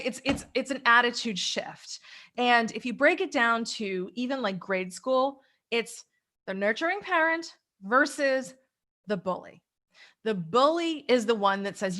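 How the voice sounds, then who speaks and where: Animated motivational woman, higher voice. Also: measured pace. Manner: energetic, acts out inner voices. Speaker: guest, life coach. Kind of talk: interview, motivational talk.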